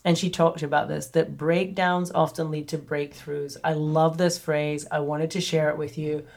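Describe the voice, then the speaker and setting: A woman's voice: low-pitched, little pitch movement, normal speed, gravelly, a little mellow. A woman hosting a podcast, telling a personal story in a candid, chatty way with plenty of asides. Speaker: podcast host.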